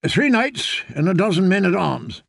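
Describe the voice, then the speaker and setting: A coldly courteous knight, played by a man, speaking in a raised, dry, gravelly voice. He stays polite but insistent, a reserved storybook soldier. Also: high voice, big pitch swings, moderate pace, dry recording, voice pushed up, full character voice. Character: cold, courteous male bastard knight.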